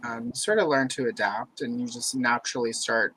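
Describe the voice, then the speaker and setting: A man's voice: mid-range voice, a little fast, bright, forceful tone, a little hiss or hum, poor audio. A man from Louisiana chatting casually on a livestream, with a mostly General American accent and a Southern trace that slips out, rambling through long asides. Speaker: livestream co-host.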